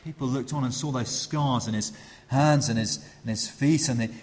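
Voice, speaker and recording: A middle-aged man preaching a sermon. He hesitates often with fillers and restarts, then grows animated when acting out the crowd. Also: mid-range voice, moderate pace. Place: church. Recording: long reverb of a church hall.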